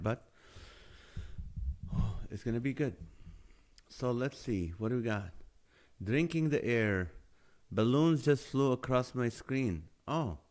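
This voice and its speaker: Live-stream host, man, unhurried delivery, chuckles while reading out chat comments. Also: fairly low pitch, darkish tone. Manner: reads names and guesses aloud, laughs often.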